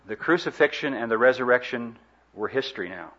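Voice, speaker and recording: A man preaching a sermon in an earnest, emphatic way, with dramatic pauses and swells. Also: medium pitch, big pitch swings, bright, forceful tone, breathy edge, lo-fi sound.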